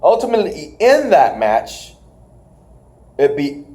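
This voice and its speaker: A young man talks through wrestling matches in a loose podcast chat. His voice sits a bit high and jumps all over, and he laughs often and sometimes slips into a squeaky imitation. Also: wildly swooping pitch, takes it slowly, dark tone. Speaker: podcast co-host reviewing wrestling. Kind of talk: casual recap chat.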